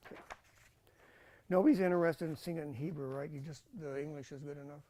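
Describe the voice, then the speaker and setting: A man's voice: a little high, fairly even intonation, fast talker, mellow. A man teaching a Bible college class in a casual lecture style, thinking aloud with fillers and restarts.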